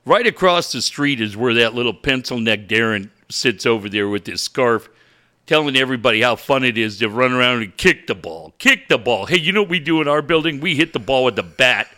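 A hot-tempered old coach snaps at his callers on a sports radio show. He is gruff and profane and throws threats around, as a man puts him on. The voice sits lower and heavier than the performer's own. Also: lively intonation, brisk, pushed and bright. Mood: belligerent.

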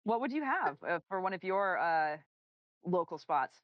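A woman's voice: fairly low pitch, sing-song, moderate pace, no echo, lo-fi sound. A woman hosting a casual podcast chat, playfully asking questions and laughing along. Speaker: host.

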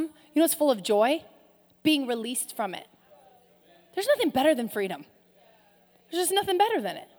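A woman pastor preaching a sermon, passionate, swinging from loud rises to soft, hushed drops. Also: fairly high pitch. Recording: long hall reverb.

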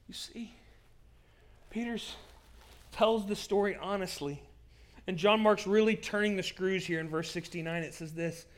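A man's voice: high voice, moderate pace. A male pastor preaching a sermon from a stage, telling the story in an earnest, dramatic way. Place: stage with pulpit.

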